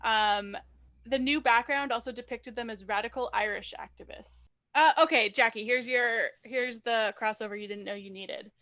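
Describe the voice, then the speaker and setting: A young woman with a fairly high voice co-hosts a casual podcast about a film. She reads out trivia with plenty of ums and makes wry asides. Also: moderate pace, a bit bright. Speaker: podcast co-host.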